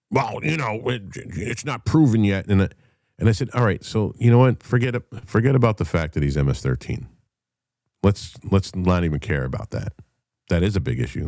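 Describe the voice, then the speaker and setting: Male podcast host, middle-aged, very low dark voice, dry close sound, swears freely while ranting. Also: gravelly, no room sound. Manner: profane, heated storytelling. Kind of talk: casual monologue.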